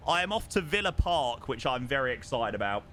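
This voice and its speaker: A young man chatting casually on a live stream while flying a sim, excitable and self-mocking. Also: medium pitch, fairly quick, slight background noise.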